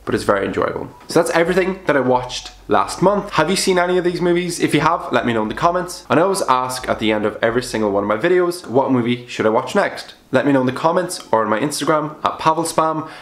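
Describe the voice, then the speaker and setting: A young man chatting casually about films he watched, bluntly and with sudden jumps up in pitch for emphasis. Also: animated, quick pace, few pauses, fairly bright tone. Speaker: film vlogger. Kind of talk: casual film review vlog. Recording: roomy echo.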